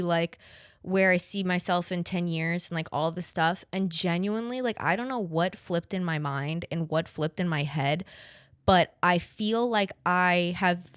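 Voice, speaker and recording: A woman's voice: on the low side, clean tone, no echo, studio quality. A young adult woman hosting a podcast, rambling and chatty with lots of "like" and casual swearing. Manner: chatty, profane and rambling, full of "like". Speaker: podcast host. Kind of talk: casual chat.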